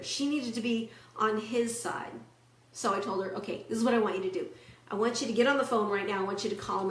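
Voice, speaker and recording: Woman relationship coach in an echoey room. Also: medium pitch. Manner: storytelling, animated quoting of clients. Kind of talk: motivational talk to camera.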